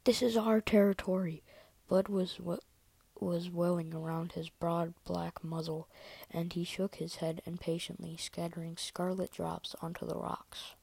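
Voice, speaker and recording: A woman reading a story aloud in a soft whisper, with small slips and restarts. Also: fairly low pitch, level tone, measured pace, vocal fry, breathy edge, no echo, low-quality recording.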